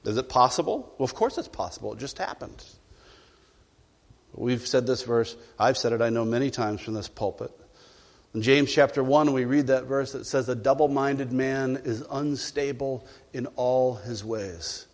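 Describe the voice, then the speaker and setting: Emphatic preacher in an echoey church. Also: male voice, mid-range voice, normal speed, vocal fry. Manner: emphatic, asks rhetorical questions. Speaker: pastor. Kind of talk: sermon. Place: church sanctuary.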